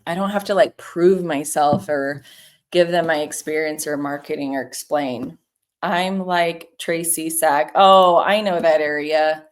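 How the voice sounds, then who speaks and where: A woman from California with a Californian accent, a real estate broker chatting casually and upbeat while making cold calls. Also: on the low side. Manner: upbeat, chatty, quick bursts of excitement. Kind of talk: casual livestream chat while cold calling.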